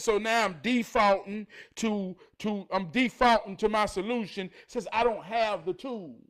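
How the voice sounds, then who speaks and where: A man telling a personal story as a life lesson. He swings between loud, animated bursts and low, quiet asides. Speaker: motivational vlogger.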